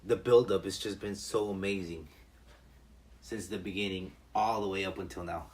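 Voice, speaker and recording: A man's voice: low-pitched, fairly even intonation, normal speed. A man co-hosting a podcast in casual chat, agreeable, with brief interjections. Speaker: podcast co-host. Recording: distant mic with faint noise.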